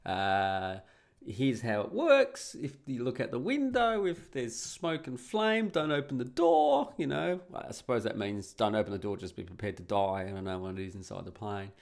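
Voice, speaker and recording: A man's voice: medium pitch, big pitch swings, normal speed, vocal fry. An adult man casually telling a rambling, profane travel anecdote, often laughing as he talks. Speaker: storyteller.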